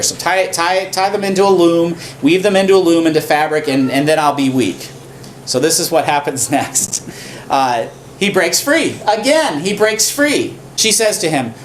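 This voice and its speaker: A male pastor delivers a sermon, retelling a story with lively, repetitive emphasis. His voice sits a touch high for a man. A faint ambient hum runs beneath him in the church. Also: moderate pace.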